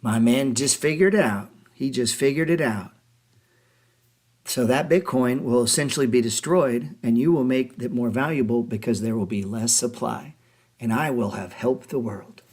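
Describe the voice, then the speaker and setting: A man hosting a trading show, delivering a heated casual rant full of profanity, mockery and rapid rhetorical questions. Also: medium pitch, a little mellow.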